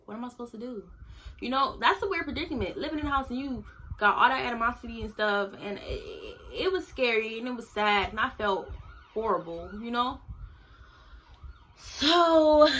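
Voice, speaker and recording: Bright-voiced young woman telling her story. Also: medium pitch. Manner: candid, conversational, many fillers. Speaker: vlogger. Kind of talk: casual storytime.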